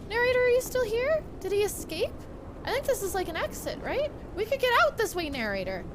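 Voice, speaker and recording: High-voiced young woman streaming a game. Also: sing-song, brisk, noisy background. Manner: talks to the game character, rambling and repetitive. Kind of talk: live game-streaming chat.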